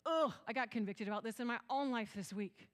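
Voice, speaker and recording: A woman with a West Michigan accent speaks at a conference in a high voice. She is earnest and tells stories, slipping into other people's lines of dialogue along the way. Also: brisk. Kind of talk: conference talk.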